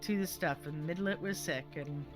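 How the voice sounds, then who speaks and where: A middle-aged grandmother telling a family story while streaming, animated and laughing often, acting out the people she quotes. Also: sits low, moderate pace, music in the background.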